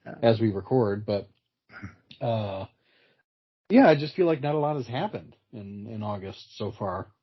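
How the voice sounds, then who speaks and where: A man's voice: fairly low pitch, animated, a little slow, pauses often, husky. A man co-hosting a podcast in easygoing casual chat, laughing along with his partner. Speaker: podcast co-host. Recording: dull muffled podcast audio.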